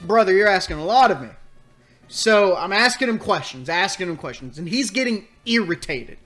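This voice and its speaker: A man hosting a let's play, telling a story in casual, animated commentary, exasperated and swearing freely. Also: high-pitched, moderate pace, soft background music.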